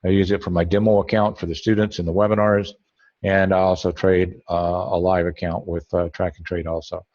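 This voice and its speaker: A man's voice: deep voice, little pitch movement, brisk, a little mellow, dull audio. A man teaching a trading webinar over a screen share, rambling and correcting himself as he thinks aloud.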